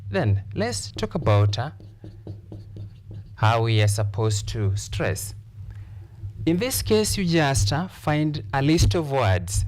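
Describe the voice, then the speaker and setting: Slow, deliberate Kenyan male teacher. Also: medium pitch, very animated, a little mellow. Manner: slow, repeats key phrases, stresses words emphatically. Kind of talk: classroom lesson.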